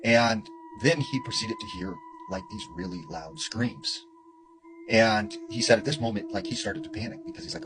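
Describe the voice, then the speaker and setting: A man's voice: mid-range voice, huge pitch swings, moderate pace, low-quality recording. A man retelling a story in a casual, conversational way, with lots of "you know" and "like". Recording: music playing underneath.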